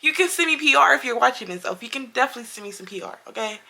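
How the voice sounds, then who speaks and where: Speaking very fast with lively intonation, a beauty vlogger delivers a chatty, emphatic makeup review and storytime straight to her viewers, repeating herself as she goes. Her high voice is gravelly and sharp, and a slight hiss or hum is audible.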